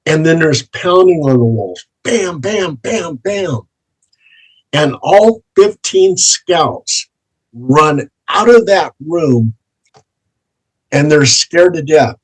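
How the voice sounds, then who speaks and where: A man who investigates the paranormal, telling ghost stories slowly and dramatically as an interview guest. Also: fairly high pitch, expressive, poor audio. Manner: slow, dramatic storytelling with drawn-out words. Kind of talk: storytelling in an interview.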